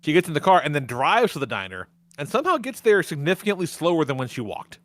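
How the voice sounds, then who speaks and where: A man's voice: a little high, fast, dry recording. Profane, laughing podcast host man. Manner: profane, laughing, animated plot retelling. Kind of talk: casual movie review chat.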